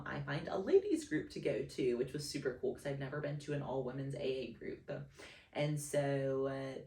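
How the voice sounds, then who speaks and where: Young woman, podcast host, chatty storytelling, lots of filler "like", roomy echo, a bit off the mic. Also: recorded from a distance. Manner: chatty, lots of "like", squeals high for quoted excitement. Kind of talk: casual storytelling monologue.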